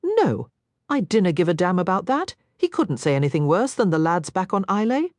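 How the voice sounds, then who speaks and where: A gently teasing Scottish man with a soft burr, as a woman narrator puts him on, his voice pitched low for her. The storybook lover's lines swing with a lively lilt and sit close and dry with no room around them. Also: normal speed, no room sound. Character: Scottish male whisky distiller, teasing lover.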